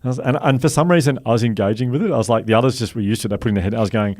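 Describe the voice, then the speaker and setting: A middle-aged Australian man, a podcast guest, telling animated stories and acting out the quoted voices. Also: racing, no room sound, studio quality. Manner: animated, acts out quoted voices loudly and high. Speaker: guest, author and speaker. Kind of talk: casual storytelling chat.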